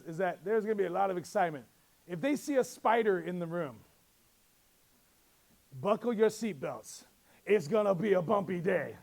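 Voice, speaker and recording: A middle-aged man, a youth pastor, teaching youth leaders in a lively, joking storytelling way. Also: sits high. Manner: lively storytelling with jokes and quick asides.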